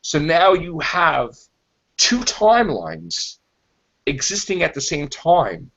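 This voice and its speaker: Rambling man on a lo-fi recording. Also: a little high. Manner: rambling, animated storytelling with quick acted-out quotes. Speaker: podcast co-host. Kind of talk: casual chat. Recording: dull lo-fi sound.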